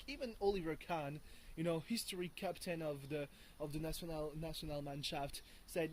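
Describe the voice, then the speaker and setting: Guy with a high voice rambling and cursing in a home vlog, faint room noise. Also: moderate pace, rough recording. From France. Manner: rambling and profane, with many fillers and chuckles. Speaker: video blogger. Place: at home by a window on a hot morning.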